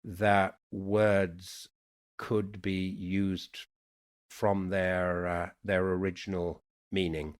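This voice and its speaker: A middle-aged man with a mixed Yorkshire, Irish and American accent, speaking in an unhurried, thoughtful way as a guest poet in a reflective conversation. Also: low-pitched, little pitch movement. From England, Yorkshire.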